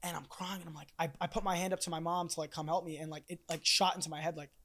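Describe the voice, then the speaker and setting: A man's voice: a little high, level tone, rapid-fire, pushed and bright. A young man guesting on a podcast, telling a story casually and animatedly, with swearing and lots of fillers.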